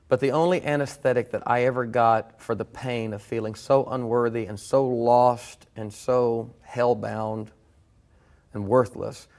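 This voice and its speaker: In a thoughtful conversation, a guest preacher in middle age tells his own story with real earnestness. He speaks at medium pitch with noticeable vocal fry, offering it as personal testimony.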